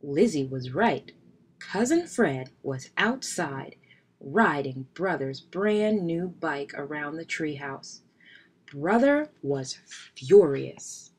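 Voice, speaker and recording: A woman reading a children's picture book aloud in an expressive storytelling manner. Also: deep voice, slow, slightly rough. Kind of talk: children's read-aloud narration.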